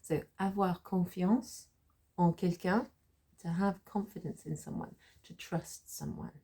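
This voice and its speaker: Woman teaching french, low husky voice, repeats phrases and laughs at herself. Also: steady tone, measured pace, warm tone. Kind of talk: relaxed spoken lesson.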